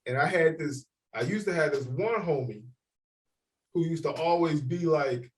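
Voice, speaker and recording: A man with a somewhat high voice spins a story in casual podcast chat, animated and full of swearing. He acts out the other people's lines as he goes. He sits a little away from the microphone. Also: normal speed, far from the mic, low-quality recording. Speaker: podcast co-host.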